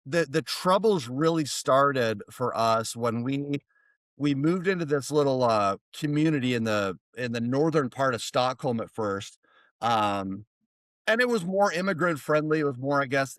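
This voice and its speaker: A man's voice: medium pitch, no room sound. Rambling American man telling a story. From United States. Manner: rambling, animated, many restarts. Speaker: podcast guest, therapist. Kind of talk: casual storytelling.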